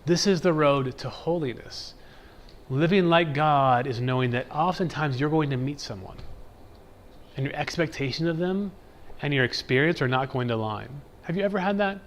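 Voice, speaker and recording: Animated man teaching a faith class. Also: on the high side, moderate pace, a little hiss or hum. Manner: animated, keeps asking "right?"; acts out everyday reactions in quotes. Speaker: RCIA catechism teacher. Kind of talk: conversational religious class lecture.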